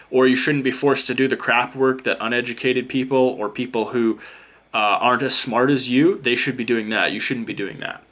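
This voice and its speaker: A man's voice: medium pitch, fairly bright tone. Blunt, joking man reading tarot. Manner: blunt, joking and profane, with mock-sarcastic asides; talks straight to the viewer as "you". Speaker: tarot reader. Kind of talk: casual pick-a-card tarot reading.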